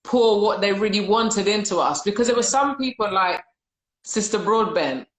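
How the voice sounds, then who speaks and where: A woman's voice: medium pitch, expressive, moderate pace. A woman hosting a live discussion, telling reflective stories and reading viewer comments aloud over a video call. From United Kingdom. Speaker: host. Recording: roomy echo.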